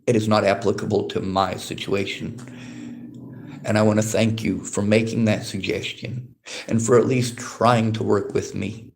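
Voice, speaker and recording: Bitter, gravelly man ranting at chat. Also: lowish voice, little pitch movement, normal speed, a little hiss or hum. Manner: bitter, profane, lecturing. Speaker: livestreamer reading chat. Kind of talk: angry livestream rant. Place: library.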